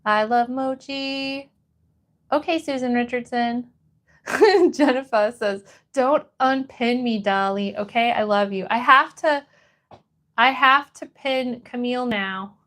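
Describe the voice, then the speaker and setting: A woman from Florida with a high voice hosts a relaxed livestream. She reads viewer comments aloud in an unhurried way and chats back between painting steps. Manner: reads viewer messages aloud and answers them while painting. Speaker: livestream host. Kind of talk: casual livestream chat.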